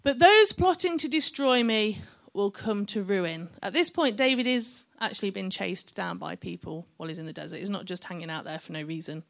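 A woman's voice: mid-range voice, fairly quick, gravelly, hardly any pauses, fairly bright tone. A middle-aged woman preaching a sermon, chatty and encouraging, with joking asides to the congregation.

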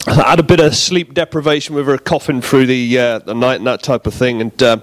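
A man giving a relaxed, jokey sermon in a church, bantering with the congregation. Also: medium pitch, fairly quick. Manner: chatty, jokey, self-deprecating. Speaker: preacher.

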